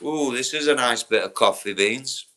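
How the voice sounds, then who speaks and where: Speaking at a moderate pace in a mid-range, sharp-toned voice, a young Yorkshire-accented livestream host chats casually with his audience. He's blunt, curses freely, and replies to viewers by their names.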